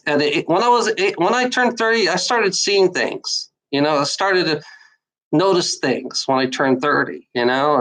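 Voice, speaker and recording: Bitter and worn out, a forty-something vlogger gives life advice in a rambling, repetitive monologue peppered with swearing. Her voice is low yet a bit bright, captured on a rough recording.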